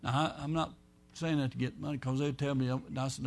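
A pastor preaching a folksy, rambling sermon, swinging between loud and soft. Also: male voice, medium pitch, steady tone, brisk, gravelly, faint music behind.

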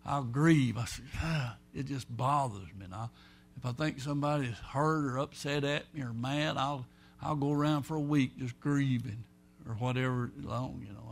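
Gravelly folksy preacher man. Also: medium pitch, normal speed, a little hiss or hum. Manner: folksy, rambling, swings between loud and soft. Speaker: pastor. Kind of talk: sermon.

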